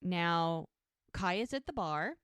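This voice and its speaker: Low, smooth-voiced woman recapping a show. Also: lively intonation, takes it slowly, fairly bright tone, no room sound, clean studio sound. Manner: retells scenes by acting out lines, laughs often. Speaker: podcast co-host recapping a TV episode. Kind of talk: casual chat.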